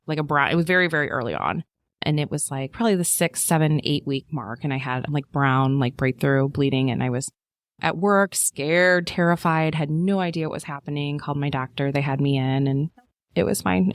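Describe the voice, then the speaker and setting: A woman in her thirties tells her story in a casual chat, her voice sitting low and the sound close and dry. She talks in a loose, animated way, full of fillers. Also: no room sound. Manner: animated storyteller, acts out quotes in a high voice, many fillers. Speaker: podcast guest.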